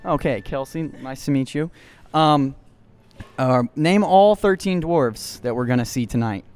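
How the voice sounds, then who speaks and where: Smooth-voiced young man quizzing fans. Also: mid-range voice, unhurried, a little mellow, soft background music. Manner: nerdy, playful quizzing. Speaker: co-host running trivia. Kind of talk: casual chat, quizzing.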